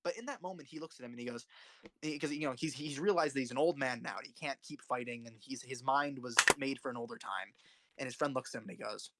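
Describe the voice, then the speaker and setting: A man's voice: medium pitch, fast talker, fairly bright tone. A young man rambling passionately about films in casual commentary, often swearing and restarting his sentences. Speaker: host ranking films.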